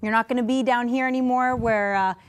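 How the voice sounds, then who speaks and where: A woman preaching a sermon in a conversational, animated way, with restarts and asides, sometimes acting out quoted voices. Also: fairly high pitch, brisk. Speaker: pastor.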